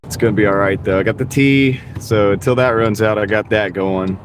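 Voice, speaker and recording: A man's voice: fairly low pitch, a little fast. A man chatting casually to live-stream viewers while driving for deliveries, rambling and restarting his phrases, on a clip-on mic inside his car. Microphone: wireless clip-on mic. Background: faint car noise.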